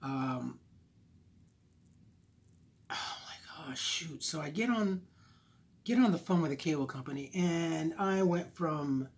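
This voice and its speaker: A man's voice: on the high side, lively intonation, slow, long pauses. A man telling a personal story to his phone camera, acting out his own exasperated lines as he goes. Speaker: vlogger.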